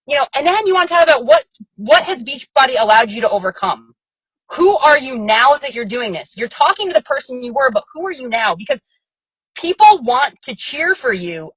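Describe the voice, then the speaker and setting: A woman with a slightly raised, husky voice talks to her team in a frank, chatty way, filling her sentences with fillers as she coaches. The sound is dry and close, with no room around it. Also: on the high side, a bit bright, no room sound, rough recording. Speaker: fitness coach on a team call. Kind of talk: casual coaching talk.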